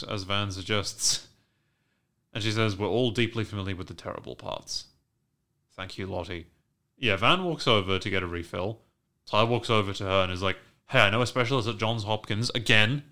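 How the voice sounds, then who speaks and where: A man hosting a podcast, recapping a TV episode in casual, profane chat and acting out the characters' lines with animated swings. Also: fairly low pitch. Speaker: podcast host recapping a TV show.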